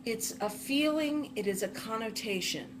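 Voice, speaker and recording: A woman's voice: on the high side, expressive, a little hiss or hum. A woman teacher giving a careful lecture on a text, reading passages aloud and breaking sentences down word by word. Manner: deliberate, spells out words one at a time while writing. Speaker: literature teacher.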